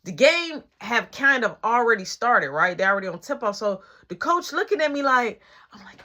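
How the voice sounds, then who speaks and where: A woman telling a story in an animated, slangy way, acting out all the voices. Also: fairly high pitch, normal speed. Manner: animated, slangy, acts out every voice. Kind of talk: casual storytelling.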